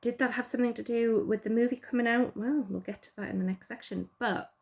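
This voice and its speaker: A woman's voice: on the high side, fairly even intonation, fast, creaky, darkish tone. Chatty Geordie woman rambling. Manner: chatty, rambling, self-deprecating, with many fillers. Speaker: podcast host. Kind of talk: casual chat.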